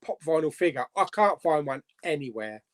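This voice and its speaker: A high-pitched man hosts a relaxed live stream. He chats loosely and drops a casual swear now and then. He keeps a bantering tone with his guest. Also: brisk. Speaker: host.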